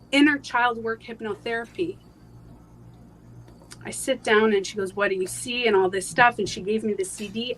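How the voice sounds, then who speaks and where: A woman guest in a live interview, telling a personal story in a halting way, with many fillers and restarts, going soft on painful moments. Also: on the high side, slight background noise, rough recording.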